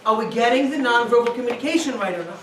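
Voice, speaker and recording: A rabbi giving a guest talk on family life, animated and acting out little scenes, checking in with his listeners with "right?". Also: very high voice, quick pace. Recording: echoey room, distant mic, faint noise.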